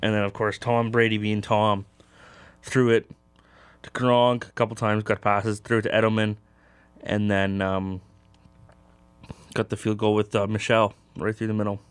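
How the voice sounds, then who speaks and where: A man's voice: lowish voice, flat delivery, moderate pace, long pauses, smooth, no room sound. A young man hosting a casual sports talk show, rambling with lots of fillers. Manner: loose and rambling, many fillers.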